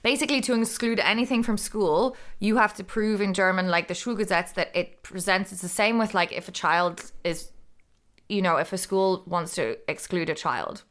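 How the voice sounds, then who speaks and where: Northern Irish woman, medium pitch, heated opinionated podcast co-host. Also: normal speed, a bit bright. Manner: impassioned, ranting. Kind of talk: casual chat about news.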